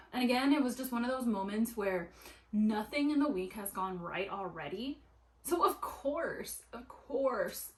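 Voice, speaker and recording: A young adult woman vlogging while she sews, telling a story in an animated way with lots of "like" fillers. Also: fairly high pitch, low-quality recording. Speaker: sewing vlogger. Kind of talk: casual chat while sewing. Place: at home at a sewing table.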